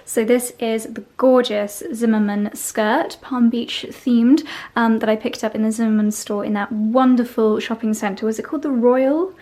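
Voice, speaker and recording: A woman's voice: fairly high pitch, steady tone, moderate pace, dark tone. A woman, talking to camera in a giggly, gushing, confiding vlog. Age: 30s. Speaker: fashion vlogger.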